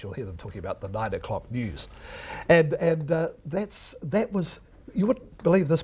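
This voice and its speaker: A man's voice: medium pitch, a little mellow, husky. An older man, a veteran radio broadcaster lecturing students, telling anecdotes and mimicking old announcers. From New Zealand. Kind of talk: reminiscing lecture.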